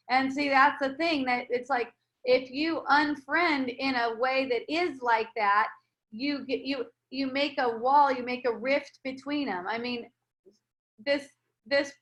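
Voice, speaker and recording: Woman spiritual teacher, soothing and rambling, higher voice. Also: fairly even intonation, measured pace. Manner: gentle, reassuring, rambling with restarts. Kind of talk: casual spiritual dialogue.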